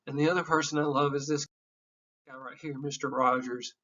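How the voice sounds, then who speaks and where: A man's voice: medium pitch, steady tone, fairly quick, pushed and bright, dull audio. A man in his fifties teaching psychology in an informal, candid and emotional classroom lecture, with some profanity. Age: 50s.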